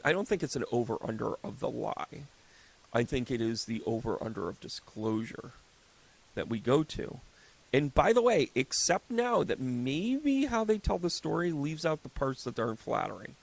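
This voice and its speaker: A man in his fifties talks casually on his own podcast, his voice gravelly with a rough fry at the edges. He rambles through stories, cracks jokes and slips into quick acted-out scenes. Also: mid-range voice. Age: 50s. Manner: rambling, joking storyteller who acts out little scenes. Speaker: host and psychic medium. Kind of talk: casual solo podcast talk.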